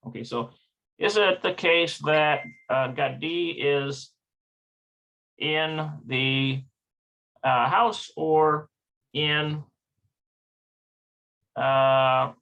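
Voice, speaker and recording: A man leads an unhurried online language lesson, hesitating and checking each pronunciation as he goes. His voice sits a little high, with a bright tone and a gravelly fry. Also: highs cut off. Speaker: Hebrew teacher.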